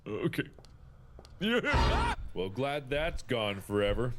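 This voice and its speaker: A man's voice: mid-range voice, huge pitch swings, takes it slowly, over loud music. A man commenting on a horror game he is playing, who yelps, screams and cracks jokes as he goes. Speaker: gaming video creator.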